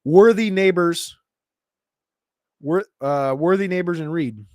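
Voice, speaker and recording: A man hosting a casual livestream Q&A, answering viewer questions in a quick, chatty way with sudden jumps in pitch. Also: a little mellow, dry recording, clean studio sound. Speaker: fantasy football show host.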